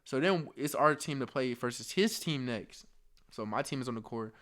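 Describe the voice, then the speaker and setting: A man's voice: mid-range voice, animated, normal speed, a bit bright. A young man telling a casual story in slang, laughing often and acting out the dialogue. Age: young adult. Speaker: storyteller vlogger.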